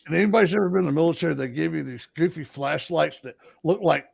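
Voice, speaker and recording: A man's voice: on the high side, fast, gravelly, husky, no echo. A middle-aged man from Alabama with a Southern accent, telling ghost stories as a co-host in a folksy, rambling, casual way. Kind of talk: casual storytelling chat.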